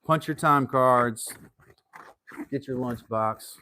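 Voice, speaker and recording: A middle-aged leather worker hosts a casual live stream indoors at his home workshop, tanning hide while he jokes around and playfully puts on an Irish accent. His medium-pitched voice sounds pushed and bright, his pace is slow, and there's a little hiss or hum.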